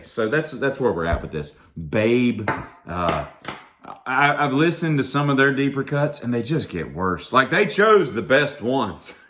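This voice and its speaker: A man's voice: on the low side, fairly bright tone, a little hiss or hum. Sarcastic man ranting. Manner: sarcastic, mocking, drawling asides. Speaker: vlogger ranting about music. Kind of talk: casual opinionated rant.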